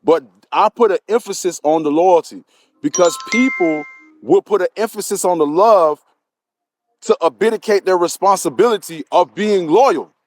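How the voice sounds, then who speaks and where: A man's voice: sits high, moderate pace, darkish tone, slight background noise. A man co-hosting a casual live stream, answering viewer comments, pressing his points and repeating them. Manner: emphatic, repeats his points, frequent restarts. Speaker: livestream co-host.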